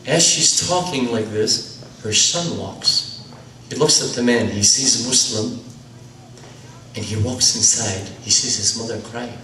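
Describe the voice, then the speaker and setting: A man delivers a story-driven sermon in a fairly low voice. He sounds far from the mic, in a roomy space with a faint background hum. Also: a little slow, pushed and bright. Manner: dramatic narration, acts out dialogue. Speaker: lecturer. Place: lecture hall.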